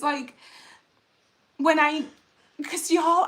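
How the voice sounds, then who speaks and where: A woman's voice: on the high side, normal speed, bright, forceful tone. A woman, earnestly telling a personal story to her viewers. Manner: emotional, earnest, addresses viewers as y'all. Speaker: craft channel host.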